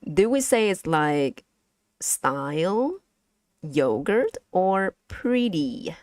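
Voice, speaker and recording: Low, slow woman teaching. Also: big pitch swings, darkish tone, no echo, studio quality. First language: Vietnamese. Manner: hesitant, restarts words, giggles often. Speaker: streamer teaching language. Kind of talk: live-stream lesson with chat.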